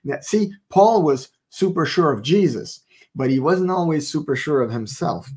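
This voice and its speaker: A man's voice: a little high, expressive, normal speed, a little mellow, slightly rough. A man co-hosting a casual faith podcast, playful and fond of wordplay, telling stories with animation. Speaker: podcast co-host and author.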